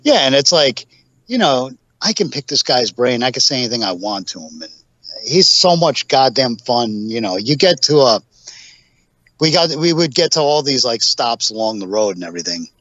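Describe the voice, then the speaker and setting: Podcast guest, male, mid-pitched, rambling anecdotal storyteller, dry and muffled lo-fi sound. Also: sing-song, normal speed, fairly bright tone, dry recording. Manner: rambling anecdotes full of fillers. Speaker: podcast guest, pro wrestler. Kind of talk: casual storytelling interview. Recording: dull lo-fi podcast audio.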